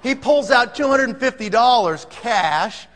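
A man telling a comic story to an audience, animated and laughing, acting out the scenes. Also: very high voice, a little slow. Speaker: speaker.

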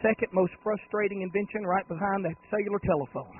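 A man preaching a holiness sermon. He tells folksy, humorous stories and swings from low talk to rising, shouted, drawn-out cries. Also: fairly even intonation, slight background noise. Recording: tinny phone-like lo-fi recording.

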